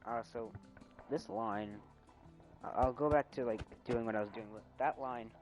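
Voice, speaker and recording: A young man streaming casually, rambling with many fillers, his volume swinging loud and soft. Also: mid-range voice, normal speed, poor audio. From United States. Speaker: railfan streamer. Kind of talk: casual gameplay stream chat. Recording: loud music behind.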